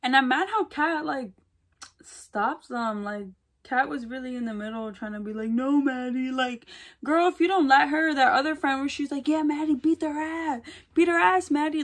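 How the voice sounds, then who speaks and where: A young woman vlogger who chats casually while doing her makeup. She gushes and gossips in slangy talk with lots of "like". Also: mid-range voice. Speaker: beauty vlogger. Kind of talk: casual chat during a makeup tutorial.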